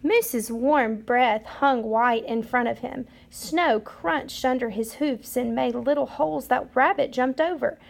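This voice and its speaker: A woman reading a children's picture book aloud in a steady, measured way. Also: high voice, vocal fry. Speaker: storyteller.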